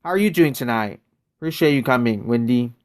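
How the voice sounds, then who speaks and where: An American man hosting a casual live game stream, talking loosely to his viewers and drifting from one aside to the next. His voice is smooth and clear and sits at an ordinary middle pitch. He sounds close to a desk mic. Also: lively intonation, brisk. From United States. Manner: chatty, greets viewers by name, loose rambling asides.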